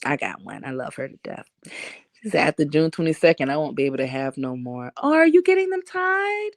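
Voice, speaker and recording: A woman's voice: sits low, big pitch swings, brisk, no echo. A woman from Harlem with a New York accent tinged with Southern drawl, chatting bluntly on a livestream, joking and laughing often. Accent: New York with some Southern drawl. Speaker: livestream host reading chat comments. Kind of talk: casual livestream chat. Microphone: phone.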